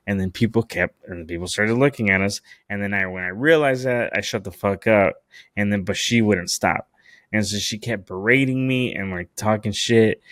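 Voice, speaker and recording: A man's voice: lowish voice, a bit bright, no room sound, studio quality. A man hosting a podcast, telling a story in a casual, comedic way. He swears a lot, rambles, and often restarts his sentences. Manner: profane, rambling, with frequent restarts. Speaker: podcast host.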